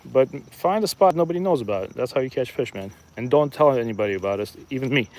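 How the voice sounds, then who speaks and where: Relaxed man chatting while fishing. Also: mid-range voice, quick pace. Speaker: fishing streamer. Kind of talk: casual live-stream commentary. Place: outdoors at a riverbank.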